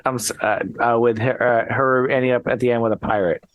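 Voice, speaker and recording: A man's voice: medium pitch, fairly even intonation, fairly quick, phone-quality sound. A man co-hosting a casual podcast chat, speaking hesitantly with many fillers. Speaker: podcast co-host.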